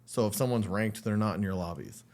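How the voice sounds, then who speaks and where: A man co-hosting a podcast, explaining things plainly and getting animated when he tells a story. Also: on the low side, fairly quick. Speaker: podcast co-host. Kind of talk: casual chat.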